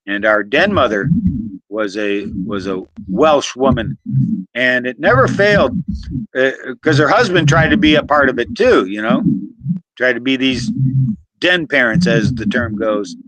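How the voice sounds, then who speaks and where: A man's voice: medium pitch, animated, a little slow, fairly bright tone, dry recording, poor audio. A man from the US South with a Southern accent, hosting a casual chat and telling jokey stories. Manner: jokey storytelling, chuckles often. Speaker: host. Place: Florida.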